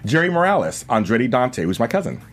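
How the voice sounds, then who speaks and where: A man in his fifties hosting a talk show, excitable and quick, often laughing. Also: mid-range voice. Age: 50s. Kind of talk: upbeat show host intro and guest roll call.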